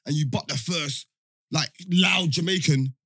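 A man's voice: on the high side, unhurried, pushed and bright, breathy edge, no room sound, clean studio sound. A man talking in a casual chat, slangy and rambling, often trailing off. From London.

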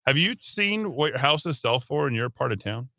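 A sarcastic man hosts a talk radio show, teasing his callers bluntly. His voice is bright and lively, swinging up and down in pitch. The studio sound is close and dry. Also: moderate pace, vocal fry, no echo. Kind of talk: casual talk radio banter. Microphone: studio microphone.

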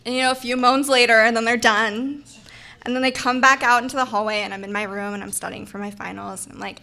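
A young woman telling a funny personal story on stage, animated and laughing, acting out the voices of the people in it. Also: fairly high pitch, fast. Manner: animated, acts out quoted voices, laughs often.

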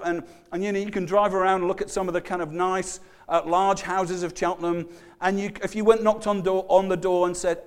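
A man's voice: high voice, steady tone, brisk, smooth. A middle-aged man preaching a conversational sermon, chatty and self-deprecating, with frequent restarts and stammered repeats. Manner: chatty, self-deprecating, acts out everyday voices.

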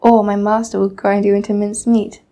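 A woman's voice: medium pitch, level tone, a little fast, mellow, natural voice. A teenage girl voicing a clever, bossy male cat in a storybook reading, giving orders in an urgent, commanding way.

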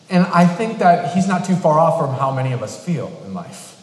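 A man's voice: a little high, big pitch swings, normal speed, few pauses, a little hiss or hum. A man preaching a sermon in a conversational, storytelling way, slipping into quoted voices to tell a family story. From New England. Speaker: pastor. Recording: echoey hall with long reverb.

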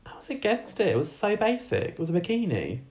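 Lively higher-voiced blunt man. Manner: blunt, quick verdicts. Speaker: podcast co-host. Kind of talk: casual chat.

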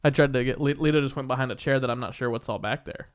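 A man's voice: medium pitch, very fast. A young man hosting a podcast, chatting casually with a guest in a rambling, jokey way. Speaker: podcast host. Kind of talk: casual chat.

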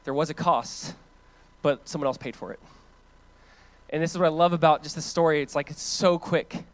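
A man preaching a sermon as pastor, in a conversational, animated way that swings from loud emphatic lines to hushed ones and repeats phrases for emphasis. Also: on the high side, normal speed. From United States.

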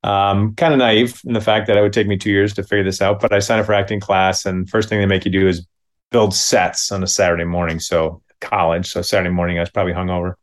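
A man in his fifties from Minneapolis, telling a comic story in a halting, self-deprecating way with many restarts. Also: low-pitched, level tone. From Minneapolis, United States.

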